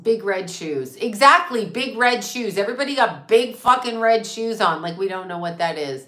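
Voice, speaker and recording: A woman's voice: medium pitch, animated, normal speed, a bit bright. A woman hosting a casual talk stream, ranting emphatically with profanity and rhetorical questions. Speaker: psychic medium and channel host. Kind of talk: casual livestream rant. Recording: roomy echo.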